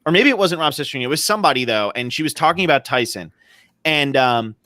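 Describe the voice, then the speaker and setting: A man's voice: medium pitch, lively intonation, fast, pushed and bright, dry recording. A man co-hosting a podcast, chatting in an easygoing way and agreeing often with his guest. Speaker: podcast co-host. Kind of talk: casual chat.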